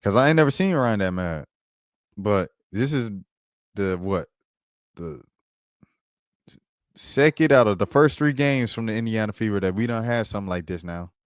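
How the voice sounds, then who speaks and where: A man hosts a casual basketball commentary stream in a smooth, lowish voice with lively intonation, normal speed and frequent pauses, recorded clean in a studio with no echo. Slangy and laid-back, he says "bro" and "dog" a lot while multitasking, pulling up clips as he talks.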